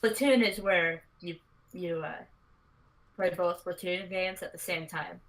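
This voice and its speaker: A woman's voice: fairly low pitch, a little slow, fairly bright tone, rough recording. A woman friend on a live stream making laid-back small talk about the games she plays. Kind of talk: casual chat.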